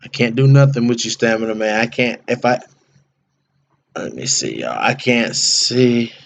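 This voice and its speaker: A man's voice: medium pitch, animated, unhurried, gravelly, slight background noise. A man hosting a casual livestream, chatting with viewers by name in slangy, laid-back talk. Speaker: livestream host.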